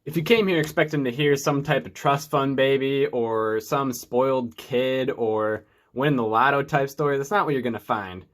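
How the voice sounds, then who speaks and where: A man's voice: mid-range voice, normal speed, hardly any pauses. Upbeat young man vlogging to camera. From Metro Detroit, USA. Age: 20s. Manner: upbeat, energetic greeting, then steady storytelling. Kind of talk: casual vlog to camera.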